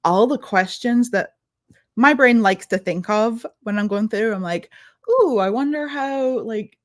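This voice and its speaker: A woman's voice: mid-range voice, measured pace, dry recording, clean studio sound. A woman with a Scottish accent, chatting enthusiastically as a podcast co-host and asking an author questions. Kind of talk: casual chat.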